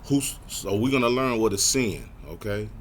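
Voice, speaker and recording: A man teaching a Bible study lesson in a casual, direct way. He slows right down to read scripture aloud, jumps up in pitch, and lets tag words trail off softly. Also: slight background noise. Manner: casual, addresses listeners directly.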